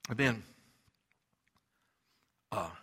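Bright-voiced preaching man. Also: extremely slow. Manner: builds from quiet to loud impassioned preaching. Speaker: pastor. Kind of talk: sermon.

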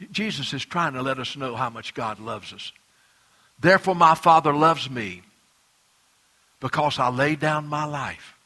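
A man preaching a sermon as pastor, swinging between loud emphatic lines and quiet, hushed ones. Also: on the high side.

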